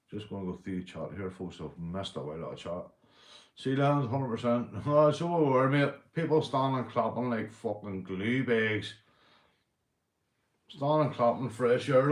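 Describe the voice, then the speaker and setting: A man's voice: mid-range voice, lively intonation, moderate pace, echoey room. A Northern Irish man hosting a livestream, ranting bluntly and swearing often in casual talk to his chat. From Northern Ireland. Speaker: livestream host.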